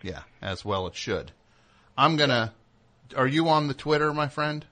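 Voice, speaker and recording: A man hosting a call-in radio show, talking in an animated, rambling way full of restarts. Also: mid-range voice, moderate pace.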